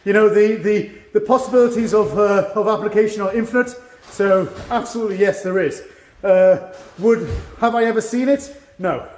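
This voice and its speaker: A man's voice: sits high, moderate pace, a little mellow, roomy sound, a little hiss or hum. A man, a karate instructor, teaching an online seminar over a video call, encouraging and checking understanding with frequent "yeah?".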